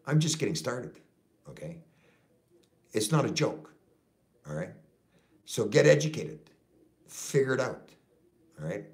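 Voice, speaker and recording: A middle-aged Canadian trucker and activist vlogger rants passionately to the camera for his viewers, swearing heavily and repeating "okay?" over and over. His medium-pitched voice swings widely in pitch, at a measured pace with frequent pauses.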